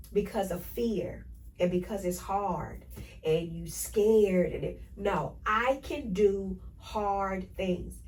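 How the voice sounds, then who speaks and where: A woman hosting a motivational podcast, talking in an energetic, preachy way and repeating affirmations to her listeners. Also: medium pitch, recorded from a distance, poor audio. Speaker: podcast host.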